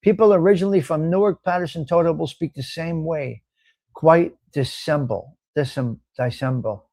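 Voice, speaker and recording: A man's voice: a little high, moderate pace, creaky, mellow, dry recording. Profane North Jersey man hosting a stream. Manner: blunt and profane, reading out viewer names. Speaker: host of a live stream show. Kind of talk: casual live-stream chat.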